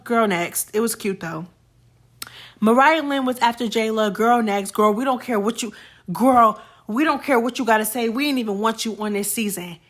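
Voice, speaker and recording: A woman's voice: on the high side, a bit bright. Sassy chatty woman recapping reality TV. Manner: sassy and chatty, laughs often, quotes cast members. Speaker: reality show recap host. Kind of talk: casual recap commentary.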